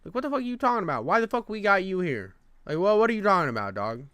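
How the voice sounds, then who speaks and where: Blunt, swearing male streamer, crisp and dry. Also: high-pitched, big pitch swings, very fast, bright, forceful tone, no room sound. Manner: blunt, sarcastic, swears constantly. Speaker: streamer reacting to a video. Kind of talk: casual profane commentary rant.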